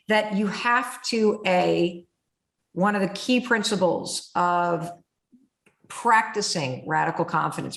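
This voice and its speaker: A woman hosting a podcast interview, telling stories in an animated, blunt way and cursing freely. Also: fairly low pitch, vocal fry, roomy sound. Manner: animated storyteller who acts out inner voices, blunt and swears freely. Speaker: podcast host. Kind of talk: candid conversational interview.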